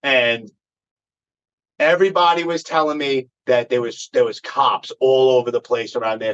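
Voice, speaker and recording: A man's voice: medium pitch, normal speed. A man, a podcast guest swearing freely as he tells a rambling story in casual conversation. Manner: profane, rambling anecdote-telling. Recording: dull lo-fi recording.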